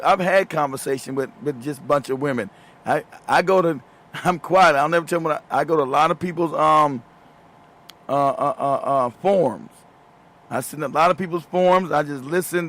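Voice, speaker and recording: Hosting a show, this man rants casually and emphatically, swearing a lot and breaking into laughter mid-sentence. He has a fairly high, slightly bright voice.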